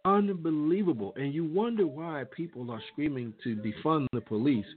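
A man's voice: medium pitch, expressive, moderate pace. A male show host giving impassioned commentary, repeating phrases for emphasis. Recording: tinny phone-like line.

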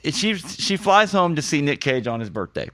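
A man's voice: on the high side, moderate pace, no echo, studio quality. A young man hosting a casual movie-review podcast, joking and laughing at his own lines. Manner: jokey, animated, laughs at his own jokes. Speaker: podcast host.

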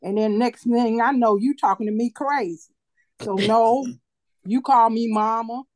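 A woman's voice: on the high side, measured pace, darkish tone, dry recording, poor audio. A middle-aged mother of grown children, talking in a firm, matter-of-fact way in a casual chat.

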